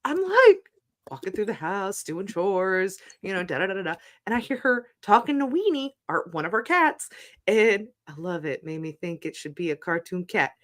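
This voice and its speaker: Woman in her 30s, animated storyteller, voice swings way up and down, mid pitch, laughs a lot. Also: normal speed. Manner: animated, laughing storyteller who jumps between high and low pitch. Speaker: podcast co-host. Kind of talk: casual chat.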